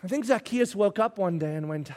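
A man's voice: high-pitched, expressive, fairly quick, darkish tone. A man preaching a sermon, telling a story with rhetorical questions and acted quotes. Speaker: pastor.

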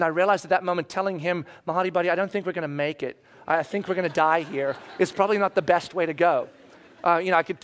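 A man with a fairly high voice tells a story to a room. He is animated and acts out the voices in it. At the tense moments he drops to a hush. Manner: animated, acts out voices, swings from loud excitement to hushed. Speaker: speaker telling a personal story. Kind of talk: storytelling talk to an audience.

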